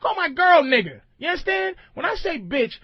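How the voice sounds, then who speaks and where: A man hosting a radio show, ranting loudly and emphatically, swinging between booming shouts and low mumbles. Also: sing-song, fairly quick, no echo, muffled recording. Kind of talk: loose comedic radio rant.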